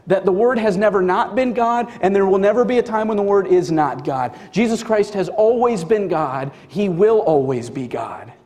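A man's voice: sits high, animated, moderate pace, few pauses, a little mellow, in a large hall. A man preaching a sermon to a congregation, emphatic and conversational, full of casual fillers. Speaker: pastor. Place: church sanctuary.

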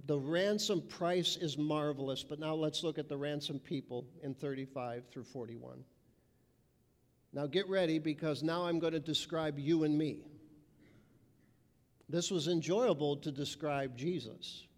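A man's voice: a little high, unhurried. A man preaching a sermon with emphasis, mimicking people's voices. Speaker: pastor. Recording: reverberant hall.

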